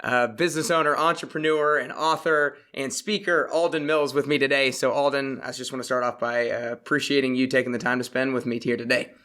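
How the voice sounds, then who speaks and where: A man's voice: medium pitch, fairly even intonation, fairly quick, hardly any pauses, bright, forceful tone. A man hosting a podcast, upbeat and enthusiastic in a casual interview. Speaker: podcast host.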